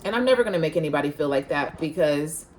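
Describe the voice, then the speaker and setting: Low-voiced woman, blunt and casual. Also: lively intonation, fast, darkish tone, a little hiss or hum. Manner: blunt, frank, swears freely; heated and emphatic when retelling conflict. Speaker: podcast host. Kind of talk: casual confessional storytelling.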